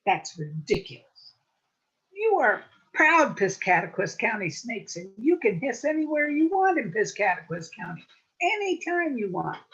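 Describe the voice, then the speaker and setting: A woman's voice: on the high side, sing-song, unhurried, fairly bright tone, muffled recording, exaggerated voice. A woman voicing a proud, indignant old male snake who leads the young snakes.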